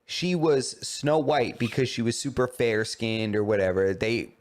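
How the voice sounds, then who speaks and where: A man's voice: medium pitch, expressive, unhurried. A man co-hosting a podcast, speaking bluntly and jokingly with plenty of slang. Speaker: podcast co-host. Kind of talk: casual chat.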